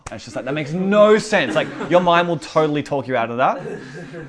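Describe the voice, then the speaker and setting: A man's voice: on the high side, normal speed, crowd noise. A man who leads a church teaching night, chatting casually about faith and acting out the people in his stories. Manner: animated storyteller who acts out quotes.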